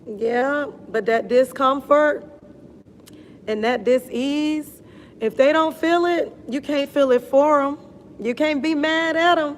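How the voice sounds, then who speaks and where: A middle-aged woman wellness coach chatting casually on a live stream, animated and blunt, laughing often and talking in slang. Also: sits high, unhurried, slight background noise.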